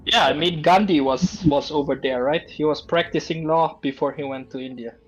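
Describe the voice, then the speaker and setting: Chatty guy hosting a stream, kinda high voice, bit of music underneath. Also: normal speed, breathy edge, lo-fi sound. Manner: chatty, laughs often, jokes with guests. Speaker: stream host. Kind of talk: casual chat on a live stream.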